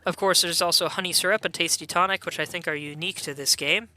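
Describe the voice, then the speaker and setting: A man's voice: on the high side, fairly even intonation, fast, pushed and bright. A man casually commentating a video game stream, chatty with meandering asides.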